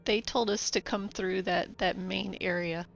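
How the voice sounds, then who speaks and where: A woman's voice: medium pitch, fairly even intonation, unhurried, vocal fry, highs cut off, soft background music. A woman playing a tabletop game, talking in a casual, plain-spoken way. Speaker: player.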